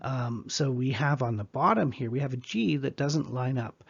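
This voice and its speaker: Gravelly, husky male biology lecturer. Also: medium pitch, animated, moderate pace, muffled recording. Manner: explanatory, conversational, with asides. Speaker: biology teacher. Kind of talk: recorded lecture.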